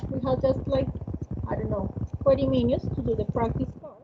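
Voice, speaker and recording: High-voiced woman teaching English online. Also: steady tone, a little fast. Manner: frequent "okay?" checks, clear explaining. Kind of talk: online class explanation. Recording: dull lo-fi call audio with clear noise.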